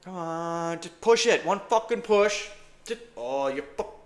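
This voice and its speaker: A day trader swearing and muttering anxiously to himself while trading live, breaking into sudden shouts. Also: male voice, on the high side, expressive, measured pace.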